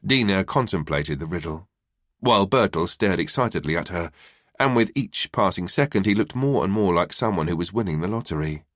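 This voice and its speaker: A man narrating a crime novel audiobook in a measured, expressive reading style, recorded close to the mic. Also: deep voice, dry recording. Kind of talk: scripted narration.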